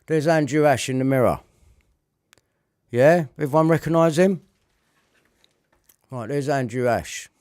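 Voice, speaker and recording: A man's voice: medium pitch, measured pace, pauses often, a little mellow, smooth, no room sound, studio quality. A man delivering a heated, repetitive rant to camera, swearing often. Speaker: vlogger.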